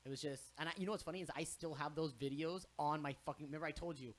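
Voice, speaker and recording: A man's voice: on the high side, rapid-fire. A young man hosting a podcast, telling stories in a casual chat, swearing freely and acting out what people said. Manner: animated storyteller, swears freely, acts out quotes. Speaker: podcast host.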